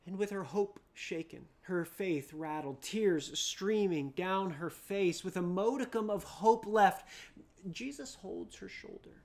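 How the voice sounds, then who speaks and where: A preacher giving a dramatic sermon, repeating phrases, rising loud then dropping to a hush. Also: medium pitch, takes it slowly, vocal fry.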